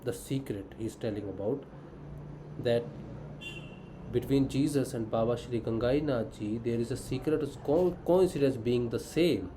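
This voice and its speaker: A man's voice: medium pitch, moderate pace, noisy background. A man giving a devotional teaching talk, earnestly asking his own questions and answering them as a disciple. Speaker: spiritual disciple explaining scripture.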